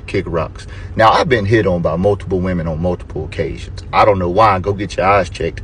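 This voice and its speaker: A man's voice: low-pitched, fairly quick, fairly bright tone, a little hiss or hum. A man telling a story in a casual, joking and self-mocking way in a vlog clip. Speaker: vlogger in a played clip.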